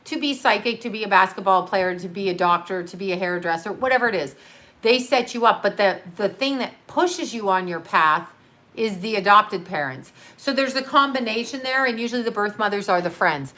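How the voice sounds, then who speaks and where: A woman's voice: medium pitch, expressive, a little fast, sharp tone. A woman chatting casually on a livestream as a psychic medium, answering viewer questions bluntly, swearing freely and laughing often. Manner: talks straight to her chat, reads out comments and riffs.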